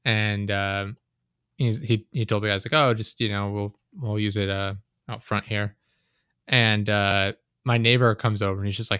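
A man's voice: lowish voice, little pitch movement, fairly quick, fairly bright tone, clear, resonant tone, no echo, clean studio sound. Rambling, swearing young man telling stories. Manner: rambling storyteller, swears a lot, laughs often. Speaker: podcast host. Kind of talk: casual chat.

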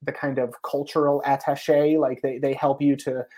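Animated American man telling stories. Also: medium pitch, moderate pace. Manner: animated anecdotes with frequent laughs and acted quotes. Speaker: guest, TV traveler. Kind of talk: casual storytelling interview.

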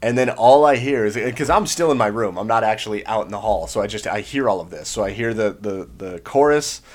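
A young man telling a long story in casual chat, rambling with many fillers and acting out shouted lines. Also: on the low side, fairly quick. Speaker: podcast co-host, Marine veteran.

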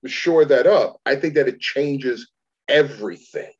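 Husky stammering man on a dull line. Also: medium pitch, measured pace. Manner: stammers, repeats the first words of phrases. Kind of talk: casual sports talk.

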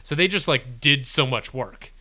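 Bright-toned enthusiastic man co-host. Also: medium pitch, moderate pace. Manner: enthusiastic, filler-heavy. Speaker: podcast co-host. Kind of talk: casual chat.

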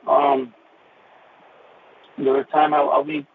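A man telling his personal faith testimony, emotional and halting, with many "you know" fillers, over a phone-like radio line. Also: on the high side, completely flat delivery, vocal fry, noisy background. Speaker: guest sharing his testimony.

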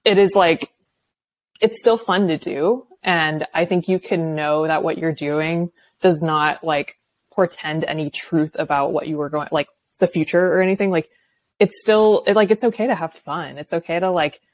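A woman's voice: low voice, moderate pace. A woman in her twenties, a podcast guest in casual chat, talking in a chatty way, laughing often and filling her talk with "like". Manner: chatty, laughs often, many filler likes.

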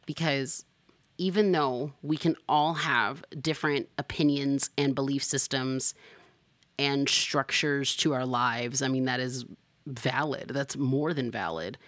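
Young woman podcasting, sassy and fired up, deep voice, dry close mic. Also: unhurried, no room sound. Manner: sassy, animated, jumps to high exclamations. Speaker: podcast host. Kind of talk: casual chat.

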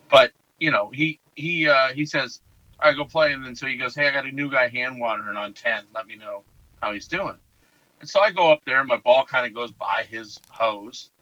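A medium-pitched man tells stories in a relaxed podcast conversation, voicing other people's lines with lively impressions. The recording is low quality but has no echo.

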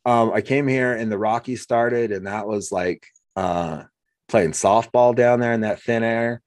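A man's voice: medium pitch, unhurried, no room sound, studio quality. A man talking casually as host, telling stories and acting out what people said. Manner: animated storyteller, acts out quotes. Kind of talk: casual conversation.

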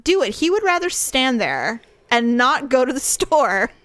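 A woman telling a story in casual conversation, animated, acting out the voices of people she quotes and laughing often. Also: high voice, measured pace, dry recording.

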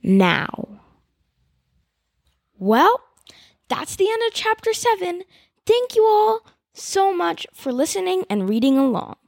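A woman podcast host reading a novel aloud in a steady, expressive way. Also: very high-pitched, measured pace, gravelly, dry recording.

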